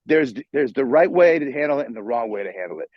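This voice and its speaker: A middle-aged New man tells a swearing, restart-filled story over a video call. His husky voice sits at an ordinary pitch, and the line sounds dull and dry. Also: quick pace, dry recording. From New York. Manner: profane, animated storyteller with many restarts. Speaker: guitarist guest. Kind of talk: casual interview storytelling. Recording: muffled video call audio.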